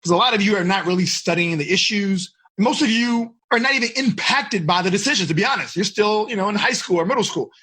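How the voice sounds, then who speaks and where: Man, life coach, live online seminar, energetic, rhetorical questions, high voice, husky edge. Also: fast talker, few pauses.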